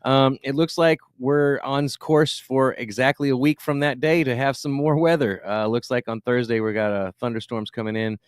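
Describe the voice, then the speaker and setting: A man's voice: medium pitch, steady tone, normal speed, hardly any pauses, clean tone, no echo, clean studio sound. A man co-hosting a podcast, chatting loosely and reading the weather with lots of fillers and swearing. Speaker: podcast co-host. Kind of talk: casual podcast banter.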